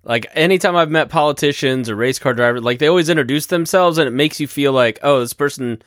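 A man's voice: fairly high pitch, quick pace, fairly bright tone, no room sound, clean studio sound. A man co-hosting a podcast, teasing his co-host and laughing often in casual chat.

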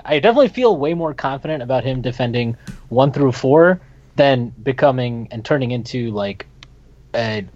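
A man co-hosting a casual sports talk show, blunt and emphatic, getting fired up as he argues. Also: medium pitch. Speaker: podcast co-host. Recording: dull lo-fi sound.

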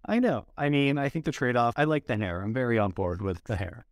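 A man's voice: medium pitch, fairly quick, no echo, clean studio sound. A man co-hosting an interview, asking casual questions with upbeat, enthusiastic reactions. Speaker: podcast co-host.

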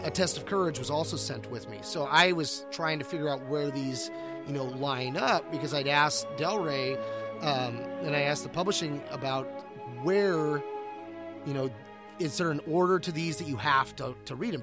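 A middle-aged man co-hosting a podcast, talking casually about books and often restarting his sentences. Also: on the high side. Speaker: podcast co-host. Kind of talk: casual book discussion.

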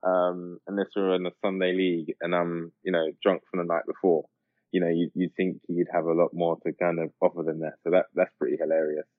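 A man's voice: sits low, flat delivery, brisk, no echo. A man co-hosting a podcast, chatting casually about football, rambling with lots of fillers and restarts. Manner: rambling, many fillers and restarts, laughs often. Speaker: podcast co-host. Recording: tinny phone-like line.

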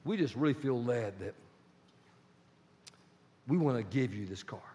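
Guy acting out an earnest church member, soft and low, big hall echo. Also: expressive, measured pace, close to an everyday voice. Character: earnest churchgoer offering his pastor a car. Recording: long church hall reverb.

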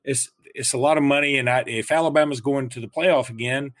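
Podcast guy rambling along, wry and chatty, mid-pitched voice. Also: brisk, fairly bright tone, dry recording. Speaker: podcast host. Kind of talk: casual chat.

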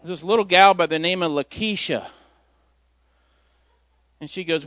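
A man's voice: high voice, moderate pace, pauses often, fairly bright tone, no room sound. A man, a lay preacher, giving an informal sermon in a folksy, storytelling way with self-deprecating humor. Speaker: lay preacher filling in at church.

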